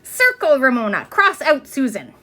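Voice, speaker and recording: A woman reading aloud and voicing a spirited, stubborn kindergarten girl in a loud, bouncy way. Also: sits high, huge pitch swings, moderate pace, heavily acted. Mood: gleeful.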